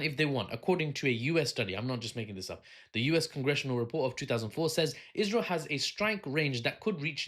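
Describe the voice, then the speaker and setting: A man hosting a solo commentary video at an ordinary, mid-range male pitch. He talks in a sardonic, rambling way, breaking off for asides and filling gaps with ums. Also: fairly bright tone. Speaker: political commentary host.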